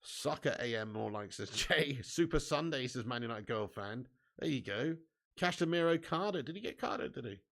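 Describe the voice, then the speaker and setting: A man hosting a live football watch-along, excitably commentating and reading out viewer comments with casual swearing. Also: medium pitch, normal speed, vocal fry.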